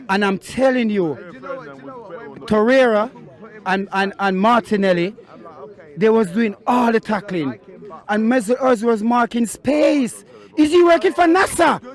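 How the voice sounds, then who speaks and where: A man, a football fan, ranting passionately to camera outside the ground. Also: very high voice. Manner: impassioned, emphatic, repeats for stress.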